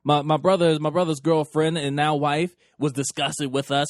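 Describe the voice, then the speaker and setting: A young man hosting a podcast, telling a crude story in a loose, profane, animated way and acting out the lines he quotes. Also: a little high, normal speed, few pauses, no room sound, clean studio sound. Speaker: podcast host.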